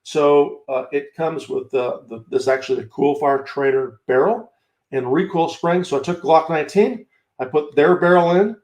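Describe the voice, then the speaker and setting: A man with a Southern American accent runs a live teaching stream, talking loosely and answering viewers by name while he demonstrates. His voice sits a bit high for a man. The room around him echoes. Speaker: firearms instructor hosting a livestream.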